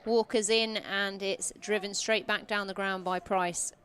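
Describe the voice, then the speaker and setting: A woman co-commentating on live cricket, giving relaxed, conversational analysis. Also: mid-range voice, unhurried.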